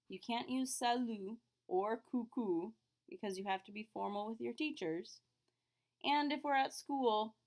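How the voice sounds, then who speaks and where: A woman French teacher explaining phrases to her students, clearly and patiently, modeling each word slowly. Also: mid-range voice. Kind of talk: classroom lesson recording.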